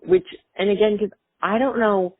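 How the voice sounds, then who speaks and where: A man's voice: high voice, fairly even intonation, normal speed, dry recording. A man hosting a podcast in casual chat, rambling and chatty with fillers, over a tinny phone-like line. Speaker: podcast host.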